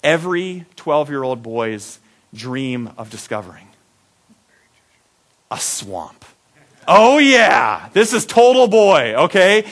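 A man preaching a sermon, telling a childhood story with acted-out voices and big swings between loud and soft. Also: fairly high pitch, sing-song, unhurried. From Iowa. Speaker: pastor.

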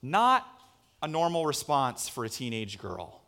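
A male pastor preaching a sermon, earnest and full of rhetorical questions, moving between hushed lines and emphatic ones. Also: mid-range voice, big pitch swings, measured pace.

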